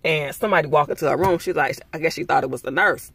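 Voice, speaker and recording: A young man reviews a TV episode in a heated, profane rant with lots of animation. His voice sits somewhat high for a man, and the recording is dry and close with no room sound. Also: quick pace, vocal fry, a bit bright, breathy edge, dry recording. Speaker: TV show reviewer.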